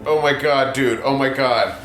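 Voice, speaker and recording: A man playing a video game for the first time, reacting out loud and exclaiming as he goes. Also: medium pitch, normal speed. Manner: excitable, swearing, exclaiming. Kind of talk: live gameplay reaction. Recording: roomy game capture with loud music behind. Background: game music.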